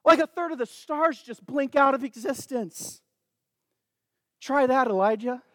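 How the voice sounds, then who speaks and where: A man's voice: very high voice, measured pace, fairly bright tone, no echo, studio quality, big-room sound. A man preaching a sermon, emphatic and calling out to the congregation.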